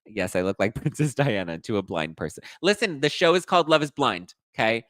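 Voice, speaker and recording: A man's voice: mid-range voice, very animated, fairly quick, fairly bright tone, dry recording. A man hosting a casual live gossip chat, sassy and dishy, reading and reacting to viewer comments. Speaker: host.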